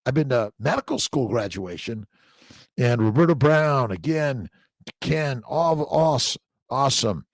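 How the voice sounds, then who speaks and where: A man's voice: medium pitch, lively intonation, unhurried, no echo. An older man hosting a casual morning livestream, reading out viewer comments and talking in rambling bursts with emphatic repeats. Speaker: livestream host.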